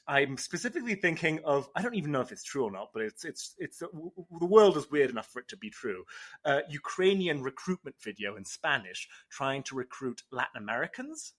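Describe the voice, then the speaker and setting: Young male co-host, chatty and animated, bright forward tone, lively pitch. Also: fairly quick. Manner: animated, self-deprecating, restarts. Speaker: podcast co-host. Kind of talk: casual chat.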